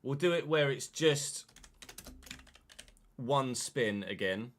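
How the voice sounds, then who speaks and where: A man's voice: medium pitch, expressive, slow pace, slight background noise. A man chatting casually on a live stream, muttering asides to himself and to chat.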